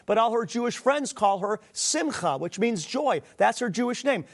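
A middle-aged man preaching a sermon, reading scripture aloud and addressing listeners directly with earnest emphasis. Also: high voice. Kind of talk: sermon teaching.

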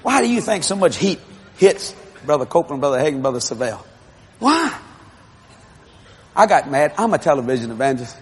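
A man, a television evangelist, telling stories in a sermon, often shouting and laughing as he goes. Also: a little high, a little fast, pauses often, slightly rough. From Louisiana, USA. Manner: animated and shouting, laughing through his stories. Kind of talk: storytelling sermon.

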